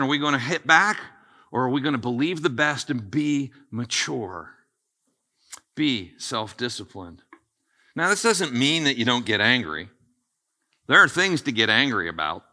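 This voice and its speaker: A middle-aged man preaching a sermon as pastor, in a conversational, animated way that speaks straight to the congregation. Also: fairly low pitch. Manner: conversational, animated, addresses listeners as guys.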